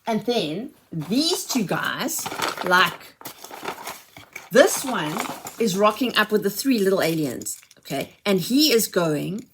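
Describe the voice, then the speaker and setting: A woman unboxing a haul, gushing and excitable as she exclaims over every find. Her pitch swoops up and down, and a faint hiss sits under her voice. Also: takes it slowly. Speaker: haul vlogger, mother. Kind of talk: casual unboxing chat.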